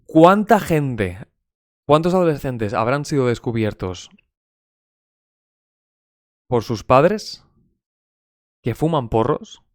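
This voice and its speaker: A man's voice: mid-range voice, expressive, slow, long pauses, no echo, studio quality. A man from Spain with a Spanish accent whose first language is Spanish. He teaches an English lesson in a chatty, gossipy way, swears, and mixes in Spanish. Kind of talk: casual live-stream English lesson.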